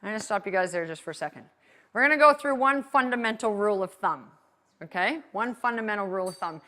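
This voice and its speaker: A woman's voice: medium pitch, lively intonation, fast talker, bright, forceful tone. A woman dog trainer teaching a live class, upbeat and often checking in with "okay?".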